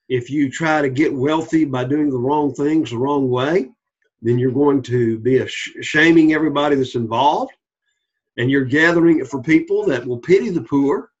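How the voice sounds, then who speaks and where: Bible teacher, man, husky voice, repeats points, asks "all right?", dull lo-fi recording. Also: on the high side. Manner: repeats key points, checks in with the class. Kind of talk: Bible study lecture.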